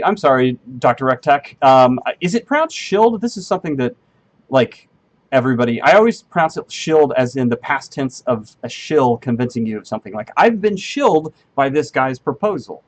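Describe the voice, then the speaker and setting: A man chatting casually on a live stream as he codes at his desk, voice in a plain middle register. He thinks out loud and trails off mid-sentence, filling gaps with ums. His tone is friendly and self-deprecating as he answers viewers. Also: mid-range voice, big pitch swings, normal speed. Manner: thinks aloud, rambling with many ums and half-finished sentences. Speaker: game engineer streaming live coding. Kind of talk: casual live-stream chat while programming.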